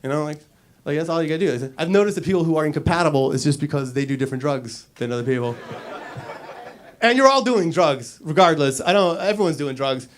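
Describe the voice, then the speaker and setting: A man's voice: a little high, fast, a little hiss or hum. A man doing a stand-up comedy set in a club, acting out little scenes with silly voices. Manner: animated, acts out characters with silly voices.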